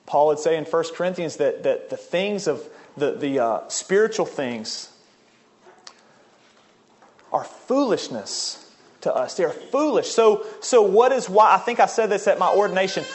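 A man preaching a sermon as a pastor, earnest, slowing down to stress key words. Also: sits high, expressive.

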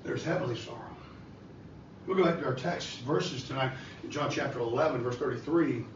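A man's voice: medium pitch, brisk, a little hiss or hum. A man preaching a sermon with an impassioned delivery that rises and falls, recorded in a church. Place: church sanctuary. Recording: echoey church hall from far off, dull and lo-fi.

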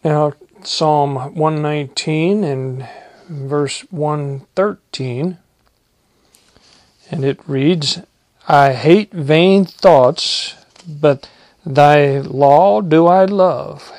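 A man preaching, reading psalms aloud in a slow, measured way and adding short comments. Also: fairly high pitch, darkish tone, no echo. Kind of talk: Bible reading and sermon.

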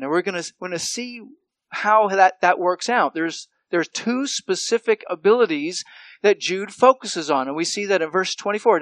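Man preaching with a higher voice. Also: fairly bright tone, no room sound. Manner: conversational preaching, frequent "right?" check-ins and restarts. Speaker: pastor. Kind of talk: sermon.

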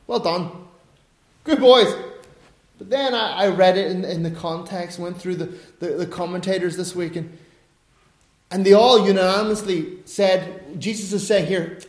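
A man preaching a sermon with emphatic, repeated phrases that sometimes drop to soft, low asides. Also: fairly even intonation, moderate pace, roomy sound.

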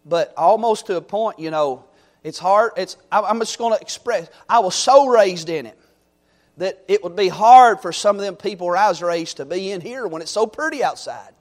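A high-voiced, middle-aged man preaches with fervor. He swings from ringing exhortation down to soft, homey storytelling. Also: expressive, normal speed. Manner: fervent, swings from loud exhortation to quiet storytelling. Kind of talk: sermon.

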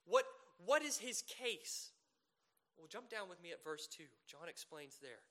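Bright, high-voiced man preaching a sermon. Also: big pitch swings, measured pace. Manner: earnest, rising to emphatic peaks with rhetorical questions.

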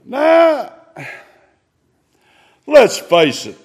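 A man preaches an unhurried sermon. His slightly raised voice is folksy and conversational. He swings from loud emphasis to hushed asides. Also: high-pitched, huge pitch swings.

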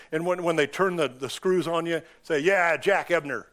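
A man with a fairly high voice preaching an impassioned sermon in a church. His delivery is emphatic, and his voice climbs and falls suddenly as he drives each point home. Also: lively intonation, normal speed. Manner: impassioned, emphatic preaching with sudden rises and drops in pitch and loudness. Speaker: pastor.

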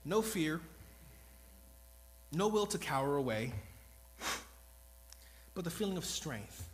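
A man's voice: on the high side, big pitch swings, takes it slowly, rough recording. A man preaching a sermon in an earnest, rambling, self-deprecating way, new to speaking before this congregation. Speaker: lay preacher.

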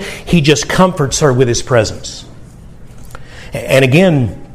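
A man preaching a sermon to his church, earnest and emphatic, with a conversational delivery and frequent restarts. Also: fairly high pitch. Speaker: pastor.

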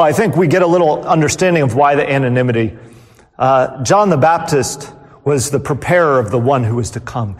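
Preacher man in a reverberant hall. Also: a little high. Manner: preaches with pauses, trailing off softly at phrase ends. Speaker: pastor. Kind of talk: sermon. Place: church.

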